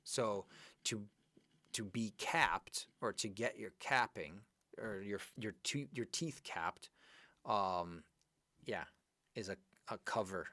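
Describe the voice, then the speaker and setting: A lively male English teacher runs a live grammar class, chatting with his students as he works through the answers. His voice sits on the low side. The sound is dry and close, with no room echo. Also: slow. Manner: lively, upbeat, chatty, praises students by name. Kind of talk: live online class, going over exercises.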